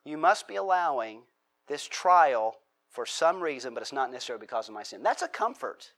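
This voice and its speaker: A man's voice: medium pitch, sing-song, a little fast, a bit bright. A man preaching a sermon as a pastor, talking casually, asking the congregation questions and acting out heartfelt prayers.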